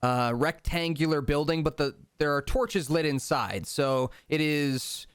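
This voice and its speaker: A man's voice: on the high side, measured pace, clean tone, dry recording, clean studio sound. A man narrating a tabletop game as game master, in an easygoing, descriptive way.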